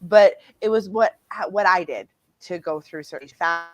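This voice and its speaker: Low-voiced woman author, lively. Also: measured pace, poor audio. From Canada. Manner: animated, laughing, acts out quoted voices. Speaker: author guest. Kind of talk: casual interview talk.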